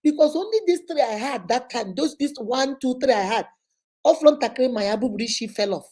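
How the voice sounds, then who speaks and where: Nigerian lady hosting a chatty live q&a, laughs a lot, kinda high mellow voice. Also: moderate pace. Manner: lively, laughs often, mixes in pidgin. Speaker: host. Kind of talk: casual live Q&A chat and storytelling.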